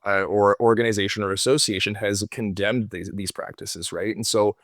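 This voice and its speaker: Man, Canadian accent, lowish voice, earnest podcast guest, dry close sound. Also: steady tone, normal speed, fairly bright tone, no echo. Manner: earnest, explanatory, tags points with "right?". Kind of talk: casual interview talk.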